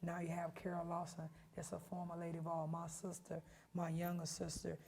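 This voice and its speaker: A woman in her fifties, a head coach, telling stories in an emphatic, animated way during an interview. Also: lowish voice, a little fast, vocal fry, husky. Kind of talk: storytelling interview.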